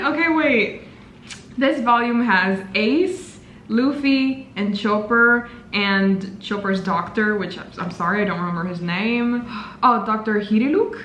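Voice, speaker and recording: A woman's voice: a little high, unhurried, fairly bright tone, slight background noise. A woman in her twenties making an unboxing vlog, gushing and exclaiming dramatically over book gifts. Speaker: book vlogger. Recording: echoey room, faint ambience.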